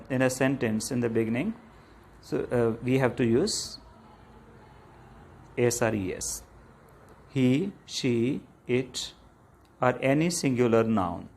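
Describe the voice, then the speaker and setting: A man with a South Asian English accent walks through a grammar lesson at an unhurried, deliberate pace. His voice sits at a middling pitch. He explains patiently, checking in often with "okay?" and pausing on fillers. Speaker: English teacher.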